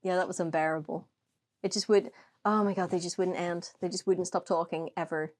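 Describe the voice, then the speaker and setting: A woman co-hosting a casual chat show with an Irish accent, telling animated stories, swearing and laughing often. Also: lowish voice, brisk. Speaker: podcast co-host.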